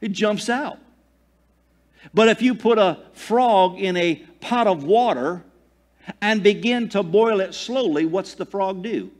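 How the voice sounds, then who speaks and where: A man preaching a sermon in a fairly high voice. He swings from loud declarations to hushed near-whispers and breaks in with jokes. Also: slow. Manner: tells jokes and laughs at himself. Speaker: pastor.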